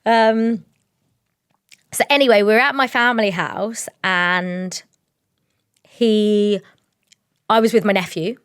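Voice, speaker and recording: A young woman co-hosting a podcast, telling a story in a rambling, animated way with lots of fillers. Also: medium pitch, slow, pauses often, smooth, no echo, studio quality. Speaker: podcast co-host. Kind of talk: casual storytelling chat.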